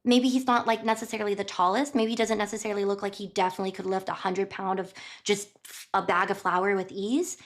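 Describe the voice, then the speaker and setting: A woman's voice: mid-range voice, level tone, fast talker, hardly any pauses. A woman streamer casually recapping a book while tidying her kitchen, chatty and rambling, often correcting herself. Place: home kitchen.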